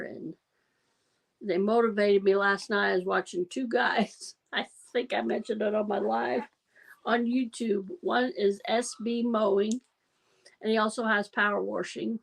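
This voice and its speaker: A woman's voice: mid-range voice, fairly even intonation, measured pace, vocal fry, low-quality recording. A woman hosting a casual livestream, telling rambling stories and laughing often as she chats with viewers. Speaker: livestream host. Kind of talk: casual chat.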